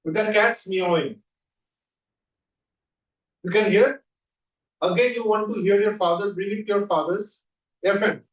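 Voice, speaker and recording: High-voiced man coaching in an echoey room. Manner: coaching with rapid repeated questions. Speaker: NLP trainer. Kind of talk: guided visualization exercise. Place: training room. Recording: dull echoey room audio from far off.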